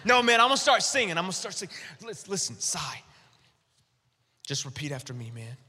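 A man's voice: sits high, sing-song, brisk, bright, forceful tone, long reverb tail, full character voice. A preacher doing a brash, hot-headed man. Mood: agitated. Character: brash hot-tempered young man, restless.

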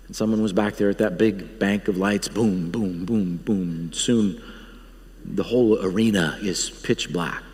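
A man's voice: lowish voice, moderate pace, darkish tone. A man who leads a Bible college, preaching a guest sermon with earnest, emphatic appeals and frequent restarts. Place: church sanctuary. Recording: long church hall reverb.

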